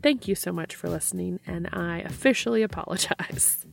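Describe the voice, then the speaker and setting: A woman reading a fan fiction story aloud in a steady narrating voice. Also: lowish voice, moderate pace, gravelly, soft background music.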